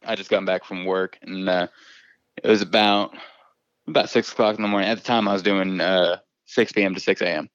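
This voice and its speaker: A man's voice: low voice, steady tone, fairly quick, a bit bright, no echo, highs cut off. A man telling a profane, rambling work story as a volunteer firefighter, laughing often. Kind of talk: casual storytelling.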